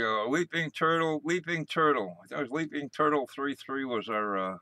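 Slow, rambling older man. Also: mid-range voice, sharp tone, no echo. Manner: repetitive, meandering, gruff with mild cursing. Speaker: livestream host. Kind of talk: rambling casual live chat.

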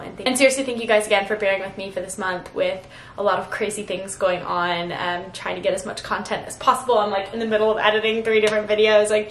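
A woman's voice: medium pitch, fairly bright tone, echoey room, a little hiss or hum, poor audio. A woman in her twenties talking to the camera in a sentimental, rambling vlog, close to tears and full of fillers. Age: 20s. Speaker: vlogger.

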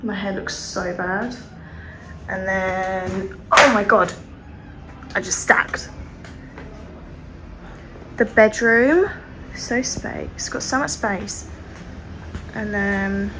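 A woman's voice: medium pitch, expressive, takes it slowly, long pauses, background noise. Chatty young woman vlogging outdoors. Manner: chatty and gushing. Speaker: travel vlogger. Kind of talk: casual travel vlog narration.

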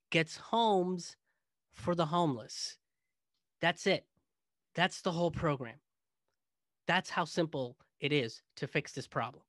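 Guy doing a sarcastic comedy rant, bit high voice, dry close sound. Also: a bit bright, dry recording. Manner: sarcastic, mocking. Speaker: comedian host. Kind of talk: comedic monologue.

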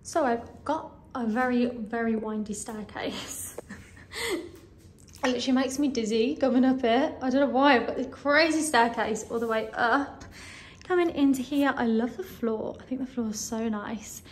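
A young woman in her twenties chatting excitedly in a casual travel vlog, a little out of breath, showing off her hotel room. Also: fairly high pitch, moderate pace, slight background noise. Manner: chatty, bubbly, easily excited. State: slightly out of breath. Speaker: vlogger. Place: hotel room in hot weather.

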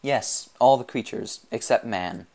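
A mad half-machine sculptor of a man, proud and theatrical, drawing out his words, as a male reader puts him on. The voice sits fairly low. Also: darkish tone. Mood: bitter. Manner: grandiose, theatrical, slow and drawn out.

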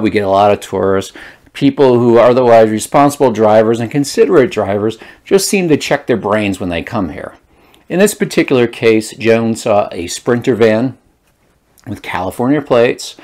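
Give me an animated man telling a playful story, voice rising and falling a lot. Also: mid-range voice. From Rhode Island. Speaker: vlogger. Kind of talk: storytelling vlog.

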